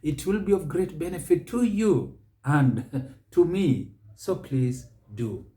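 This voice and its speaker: A man with a Kenyan accent hosting a pronunciation lesson, speaking slowly and deliberately and stretching key words. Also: fairly high pitch, lively intonation, mellow. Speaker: show host and English pronunciation teacher. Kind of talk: measured spoken lesson. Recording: echoey room.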